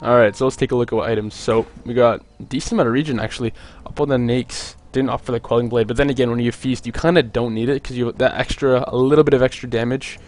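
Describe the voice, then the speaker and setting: A young man casting a video game match on his own, chatty and jokey, with many filler words and quick asides. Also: mid-range voice, fairly even intonation, a little mellow. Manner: rambling, jokey, lots of "like" fillers. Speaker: esports caster. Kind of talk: solo play-by-play commentary.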